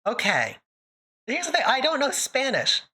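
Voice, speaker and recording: A woman's voice: high voice, wildly swooping pitch, normal speed, sharp tone, husky. A woman streamer from Canada in casual live chat, playful and self-mocking, laughing often.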